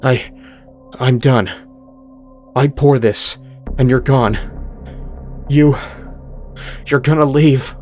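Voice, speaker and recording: A tormented young man stammers through clenched teeth, his voice pushed up high with pain, as a male narrator acts him out in a horror story reading. Every word is a struggle against the agony. The delivery is slow and drawn out. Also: fairly bright tone, faint music behind.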